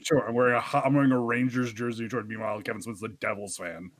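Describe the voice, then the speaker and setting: A man's voice: medium pitch, steady tone, fast talker, no room sound. A man co-hosting a podcast, chatting casually with wry humor and frequent laughter. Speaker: podcast co-host. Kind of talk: casual chat.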